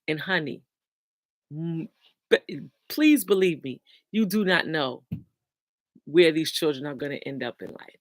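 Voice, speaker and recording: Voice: medium pitch, expressive, moderate pace, no room sound. A host reading out viewer comments and giving casual motivational talk with scripture, repeating key lines with emphasis.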